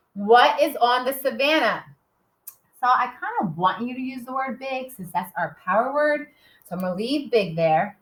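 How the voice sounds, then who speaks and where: Woman, kindergarten teacher, higher voice, patient, encouraging, stretches out sounds, spells letter by letter. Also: a bit bright, poor audio. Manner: slowly sounds out words and spells them letter by letter; patient and encouraging, often checks with "okay?". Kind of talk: recorded kindergarten writing lesson.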